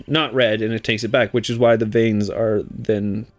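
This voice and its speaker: A man's voice: lowish voice, moderate pace. A young Canadian man co-hosting a let's play, chatting casually and jokily as he plays. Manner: animated, jokey, does silly voices. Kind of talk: casual gaming commentary.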